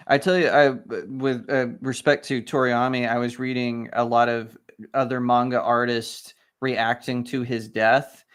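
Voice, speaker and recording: A man with a subtle Texan accent chatting casually on a live watch-party stream, rambling and quick to laugh. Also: mid-range voice, flat delivery, fairly bright tone, clear, resonant tone. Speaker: livestream co-host.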